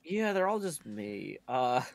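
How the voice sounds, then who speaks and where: A man co-hosting a live stream, with a gravelly, creaky voice at a middle pitch. He rambles casually and fills his talk with hedges and restarts. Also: big pitch swings, slow pace, dry recording. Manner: rambling, full of fillers. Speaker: stream co-host.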